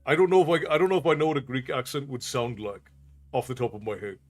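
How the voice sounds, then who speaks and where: A man from New York City chats casually with his stream's viewers, reading their comments aloud and laughing often. His voice sits at a middle pitch for a man. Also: fast talker, faint music behind. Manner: chatty, laughs often, reads chat aloud.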